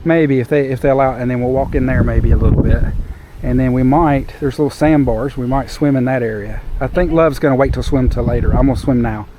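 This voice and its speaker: Hiking a hilltop path over a cove, a man in his forties talks to the camera in a chatty vlog style, addressing his viewers as he walks. He has a mid-range voice and talks fast. Wind gusts are picked up on the microphone.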